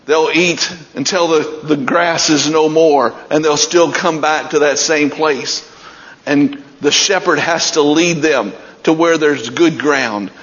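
A man's voice: on the high side, a bit bright. Guy preaching, fired up, muffled lo-fi sound, big echoey church. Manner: preaching with rising intensity, retelling scripture stories. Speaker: pastor. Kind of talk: sermon. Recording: dull sound with long hall reverb.

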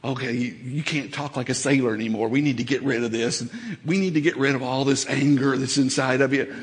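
A man preaching, voicing a calm, firm male divine guide in a low, hushed, matter-of-fact tone. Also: brisk, lightly acted. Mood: gentle firm.

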